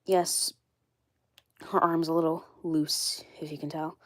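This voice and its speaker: A woman's voice: sits low, flat delivery, slow, no echo. A woman with a cold, sounding congested, chatting casually on a live stream and rambling with lots of fillers and repeats. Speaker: doll collector vlogger.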